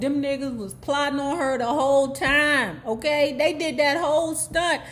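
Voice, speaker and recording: An animated woman gives a casual TV recap in a sassy voice. She speaks in a fairly high voice, tossing in "okay?" asides and acting out the characters' lines. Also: moderate pace. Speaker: YouTube TV recap host.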